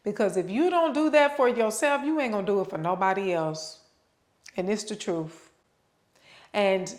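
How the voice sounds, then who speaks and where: Emphatic woman preaching self-love. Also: medium pitch. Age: adult with children. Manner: emphatic, repeats words for stress, drags her words; preachy, direct address to listener. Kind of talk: unscripted motivational talk.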